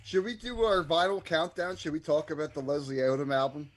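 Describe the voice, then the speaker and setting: A male co-host with a slightly high voice cracks crude jokes in a loose, easygoing way. He talks casually, filling in gaps with asides. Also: steady tone, fairly quick. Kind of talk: casual chat.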